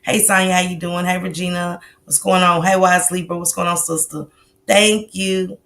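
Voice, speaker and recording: Fairly low in pitch and flat in delivery, this woman's voice has a fairly bright tone and normal speed, with slight background noise. She's hosting a casual livestream, talking loosely at her computer mic and greeting chatters by name. Her manner is conversational, full of fillers and asides.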